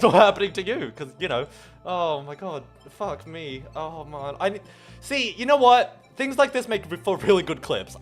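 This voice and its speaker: A man's voice: sits high, fairly bright tone. A man chatting casually on a live stream while gaming. He stammers, restarts words often, swears freely and laughs at himself.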